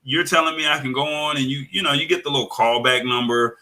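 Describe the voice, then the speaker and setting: A man talking tech news in a casual live podcast chat, halting, with many fillers and restarts. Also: mid-range voice, steady tone, pushed and bright.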